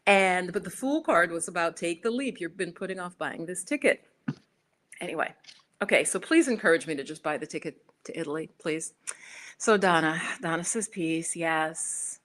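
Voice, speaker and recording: A woman's voice: on the low side, moderate pace, fairly bright tone. A middle-aged American woman chatting casually on her own livestream, rambling with restarts and fillers. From United States. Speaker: spiritual YouTuber.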